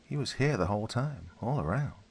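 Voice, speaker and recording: A man's voice: mid-range voice, animated, moderate pace, gravelly, darkish tone, a little hiss or hum, pitched above the performer's own voice. A man voicing a young woman in a spoken story, soothing and eerily friendly. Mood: eerie calm.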